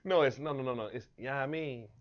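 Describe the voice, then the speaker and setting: A man co-hosting a casual podcast chat, lively, throwing in quick "uh-huh"s. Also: medium pitch. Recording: dull lo-fi sound.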